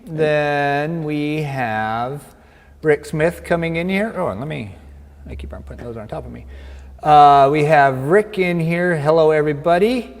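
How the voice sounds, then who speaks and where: A man's voice: on the high side, unhurried, in a large hall. A man co-hosting a livestream in casual chat, upbeat, reading out viewer comments and joking. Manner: upbeat, reads out comments and jokes.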